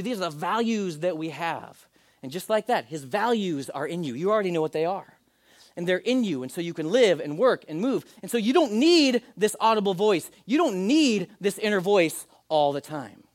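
High-voiced pastor preaching conversationally. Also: male voice, animated, moderate pace, no room sound, studio quality. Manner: conversational preaching with acted quotes. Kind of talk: sermon.

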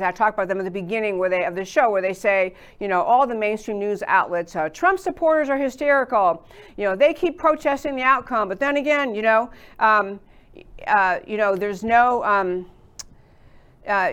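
A woman's voice: on the high side, fairly bright tone. A woman hosting a political talk show, rambling through her commentary with many fillers and restarts. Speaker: show host.

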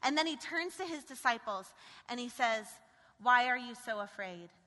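A woman preaching a sermon in a high, bright voice. She moves from loud, forceful commands to quiet, intimate passages. Her voice rings through a church with long reverb. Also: animated, normal speed. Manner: dynamic, shifting from shouted commands to hushed intimacy. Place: church sanctuary.

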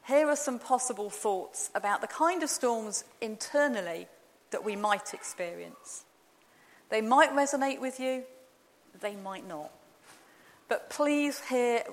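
A woman giving a measured, gentle, reflective sermon in a church. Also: mid-range voice. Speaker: preacher. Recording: long reverb of a large hall.

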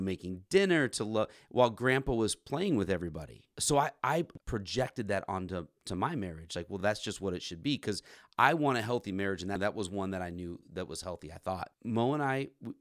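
A man's voice: fairly low pitch, no echo, studio quality. A man in his forties hosting a podcast, telling a candid story about his marriage in a self-deprecating way. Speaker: podcast host. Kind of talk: candid conversation.

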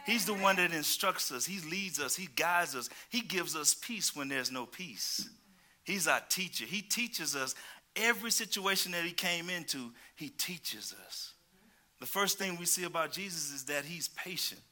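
Male preacher, slightly high voice, lively storyteller who slips into characters' lines. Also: normal speed. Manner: animated, playful storytelling with laughs. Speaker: pastor. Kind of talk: sermon with storytelling.

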